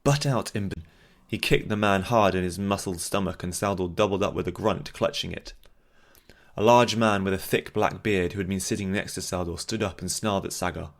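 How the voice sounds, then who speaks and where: A man narrating a fantasy audiobook in a steady, measured storytelling voice. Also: low-pitched, creaky.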